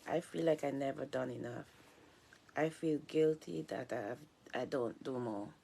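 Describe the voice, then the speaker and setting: Woman vlogger, low gravelly voice, reads aloud slowly, stumbles and restarts words. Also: dark tone, a little hiss or hum. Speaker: vlogger reading a book aloud. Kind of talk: slow reading aloud.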